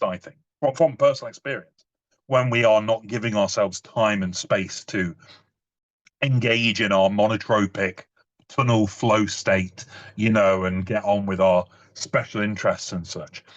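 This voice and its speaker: A British man in his thirties, medium-pitched and a bit bright, gives a casual talk through lo-fi sound. Chatty and personal, his storytelling is full of "you know" and stumbling restarts.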